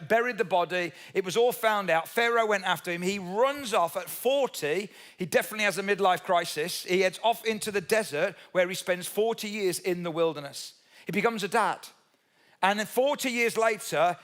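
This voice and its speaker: A man's voice: high voice, brisk, a bit bright. A man preaching a sermon as pastor, chatty and questioning the congregation, with humorous asides while retelling a Bible story. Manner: conversational, asks the audience questions.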